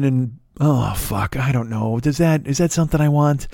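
A man's voice: on the high side, expressive, brisk, gravelly, few pauses, no room sound, studio quality. A man hosting a podcast, ranting in a rambling, profane way and sometimes slipping into voices and scat singing, a bit sniffly from a cold. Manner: rambling, swearing, breaks into impressions and scat singing. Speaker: podcast host. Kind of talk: profane solo comedy rant.

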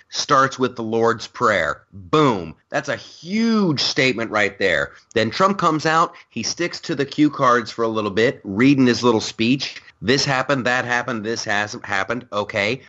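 Male comic host, punchy and sharp-edged, acts out other people's lines, casual rant energy. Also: medium pitch, muffled recording. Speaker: podcast host and stand-up comic. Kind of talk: casual political chat.

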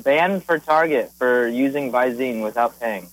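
A man's voice: mid-range voice, unhurried, no echo, poor audio. A man calling in to a radio show, telling a story in a rambling, hesitant way with many fillers. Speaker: caller. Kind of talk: phone-in storytelling.

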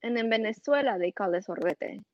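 A woman comedian guest on a podcast, blunt and quick to swear, chatting casually and laughing often. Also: on the high side, expressive, no room sound, lo-fi sound.

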